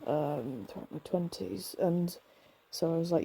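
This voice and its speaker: A woman in her thirties with vocal fry, tired from lack of sleep, chatting casually and rambling with lots of fillers while playing a video game. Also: lowish voice, unhurried, few pauses, dark tone, soft background music. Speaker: game streamer. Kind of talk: casual let's-play commentary.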